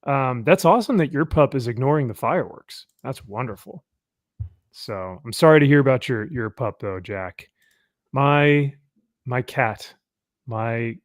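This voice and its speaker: A man's voice: mid-range voice, dry recording, studio quality. Joking young man hosting a livestream. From California. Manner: jokey, laughs often, reads viewer comments aloud. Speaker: livestream host. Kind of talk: casual chat.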